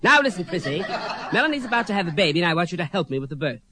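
Brief: a man playing an imperious, drawling belle, high and theatrical, for a camp parody. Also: very animated, very fast, bright, forceful tone, exaggerated voice. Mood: arch. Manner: campy, arch, drawling. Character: haughty Southern belle, a film-star impression. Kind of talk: stage comedy impression.

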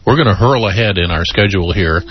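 A man's voice: low-pitched, expressive, fast talker, slightly rough, no echo. A man co-hosting a talk radio show, matter-of-fact and corrective. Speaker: radio co-host. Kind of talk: casual talk radio chat. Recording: dry dull lo-fi radio recording.

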